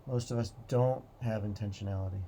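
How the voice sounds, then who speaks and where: A man hosting a motivational talk, speaking in a calm, reflective way with slow, repeated phrases. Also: fairly low pitch, slight background noise. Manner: calm, repetitive, drawn-out phrasing. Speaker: host.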